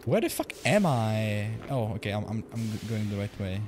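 A man's voice: lowish voice, very animated, moderate pace, background noise. A young man streaming a video game from home, rambling casually, swearing and laughing often. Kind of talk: casual gaming livestream chat.

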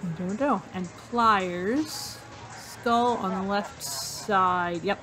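A woman playing a hidden object game, talking to herself slowly as she searches for items. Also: mid-range voice. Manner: slow, musing, talks to herself while searching. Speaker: gamer. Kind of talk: casual let's-play commentary. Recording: faint music behind voice.

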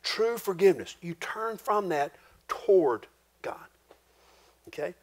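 A man with a fairly high voice preaching to his congregation. His talk is folksy and homespun, full of rural turns of phrase, and he sinks his voice low and quiet for the weighty points. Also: lively intonation, slow. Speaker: pastor. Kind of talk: sermon.

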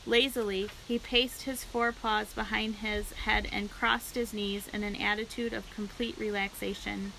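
A woman narrating a children's book aloud for a library read-aloud, in a clear, steady storytelling way. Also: medium pitch, unhurried, few pauses, slight background noise, low-quality recording.

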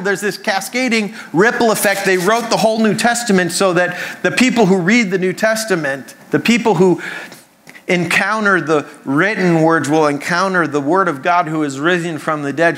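A man's voice: high-pitched, moderate pace, a bit bright. A man, a pastor, preaching a conversational sermon with humorous asides.

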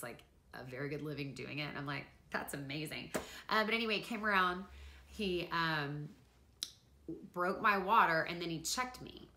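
A young woman talks straight to camera, her voice bright and sharp and sitting a little low. She tells the story quickly and animatedly, leaning on fillers like a friend catching up. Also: roomy sound. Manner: animated, fast and chatty, full of "like" fillers. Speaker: vlogger.

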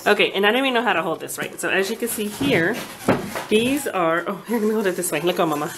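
A woman's voice: mid-range voice, expressive, quick pace, very noisy. Gushing, flustered woman vlogger. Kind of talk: casual unboxing chat. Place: home, at a kitchen table.

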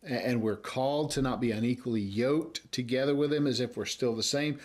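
An American man preaches a sermon from the pulpit. His voice is mid-pitched and earnest. He rises to loud emphasis on key points and drops to soft, quiet lines when quoting. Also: fairly quick. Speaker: pastor.

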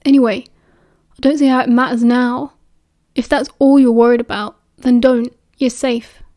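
A woman's voice: sits high, steady tone, normal speed, mellow, lightly acted. A woman with a British accent voicing a prickly, tired teenage boy who answers curtly and coldly. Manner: curt, cold, clipped.

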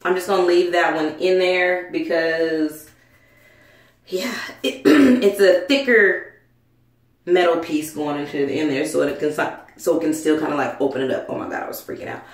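A woman vlogger chatting casually to her viewers, excitable and frantic, exclaiming often. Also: low voice, a little slow. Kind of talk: casual vlog chat. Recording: echoey room.

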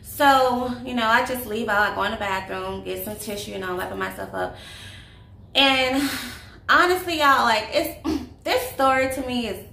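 This young woman from Louisiana, US, has a fairly high, gravelly voice that sounds pushed and bright, with lively intonation and a moderate pace. She's a vlogger telling a casual story-time tale, confiding and full of fillers, in an echoey room with faint noise.

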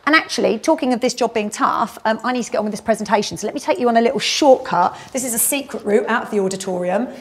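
A middle-aged woman with a South London accent and a fairly high voice. She answers questions in a quick, upbeat, chatty way, like someone at ease talking about her work. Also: slightly rough. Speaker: head of graduate recruitment. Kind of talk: casual walk-and-talk interview.

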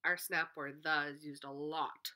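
A young woman, a kindergarten teacher, reading a picture book aloud to small children in an expressive, sing-song way and chatting with them between pages. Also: sits low, a little slow.

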